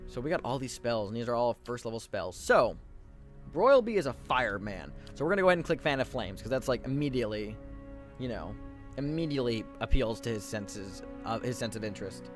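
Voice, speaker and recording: Guy doing a chill let's play, rambly, restarts a lot, reads the menus out loud, quiet game music behind. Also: medium pitch, big pitch swings, brisk. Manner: chatty, stumbling restarts, reads game text aloud to viewers. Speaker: gaming video host. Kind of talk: casual let's-play commentary.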